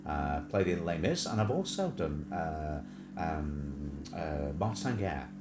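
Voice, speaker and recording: A man's voice: very deep voice, sing-song, slow pace, echoey room, heavy background noise. A man hosting a livestream in casual chat, rambling with many fillers and small asides. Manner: rambling, many fillers, breaks into sung snatches and mimicked accents. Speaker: livestream host.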